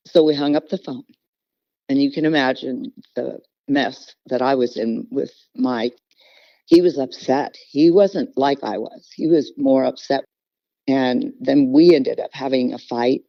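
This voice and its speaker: A woman's voice: a bass voice, unhurried, vocal fry, no echo. A middle-aged woman, a podcast guest, telling a personal story earnestly and with feeling. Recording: dull, lo-fi podcast audio.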